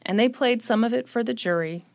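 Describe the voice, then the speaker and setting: A woman co-hosting a casual true-crime chat, retelling the details of a case with wry, dark jokes. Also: on the high side, brisk. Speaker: podcast co-host.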